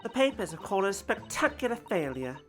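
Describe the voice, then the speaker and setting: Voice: medium pitch, big pitch swings, fast talker, soft background music, pitched above the performer's own voice, natural voice. A streamer voicing a polite, earnest young male defense lawyer who asks careful questions.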